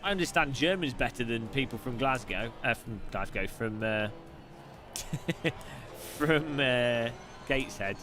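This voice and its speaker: A man's voice: medium pitch, expressive, over music. A man hosting a live stream, chatting casually and joking while commenting on a race. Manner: chatty, jokey, quick asides and laughs.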